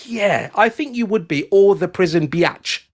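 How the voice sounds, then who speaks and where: Male co-host with a high pitch, teasing and playful banter. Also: expressive, measured pace. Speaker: co-host, comic correspondent. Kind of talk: casual comedic chat.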